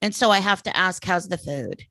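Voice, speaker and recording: A woman's voice: fairly low pitch, moderate pace, bright, forceful tone, no room sound. A woman hosting a casual interview podcast, reacting with enthusiastic, encouraging remarks and asking questions. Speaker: podcast host.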